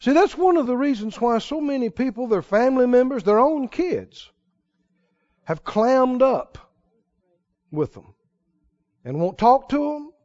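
A man's voice: very high-pitched, big pitch swings, a little slow, pauses often, darkish tone. A man preaching a sermon, telling stories in a folksy way and building to emphatic exhortation. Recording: dull lo-fi sermon recording.

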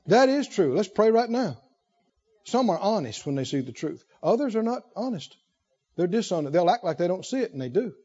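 A man preaching a sermon with animated, rhythmic repetition and emphatic phrasing. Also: high-pitched, fairly quick, husky, highs cut off.

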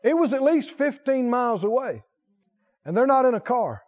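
A man preaching a sermon in call-and-response style, repeating lines and swinging from hushed to loud. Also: very high-pitched, big pitch swings, moderate pace. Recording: dull lo-fi recording.

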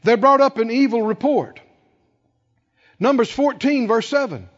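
A man preaching a sermon with emphasis, acting out quoted voices and building to loud peaks. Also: very high voice, animated, measured pace. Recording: dull, reverberant hall sound.

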